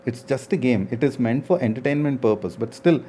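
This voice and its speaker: A man in his forties, a gaming streamer, talking earnestly and reflectively to his viewers, often pausing with hesitations. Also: mid-range voice, dark tone, slight background noise. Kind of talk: casual talk to viewers.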